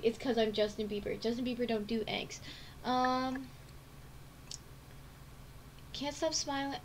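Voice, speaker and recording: A woman streamer giving casual let's-play commentary at her home computer, excitable, with gasping and squealing reactions. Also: on the high side, unhurried, long pauses, slight background noise, low-quality recording. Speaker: gaming streamer. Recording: keyboard clicks in background. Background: typing on a keyboard.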